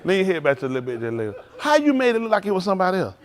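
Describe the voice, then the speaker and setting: A man preaching at a congregational service with a raised voice that leaps widely in pitch. He delivers an informal testimony-style sermon, animated and quick to laugh. He speaks directly and frankly to the people in front of him. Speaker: pastor. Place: synagogue service.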